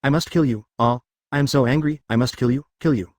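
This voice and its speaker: A man's voice: medium pitch, fairly quick, a little mellow, no room sound, close to an everyday voice. A man reading the lines of a furious, arrogant legendary male ninja ghost who hurls insults and threats, in a synthetic storybook voice. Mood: raging.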